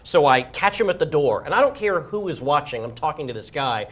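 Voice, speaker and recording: Quick, self-deprecating male storyteller. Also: a little high, sing-song, a bit bright. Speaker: celebrity guest. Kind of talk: comic anecdote on a game show.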